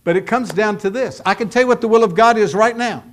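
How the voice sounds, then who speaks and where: Male pastor, middle-aged, higher voice, folksy emphatic pulpit delivery with acted asides. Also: fast talker. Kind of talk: sermon.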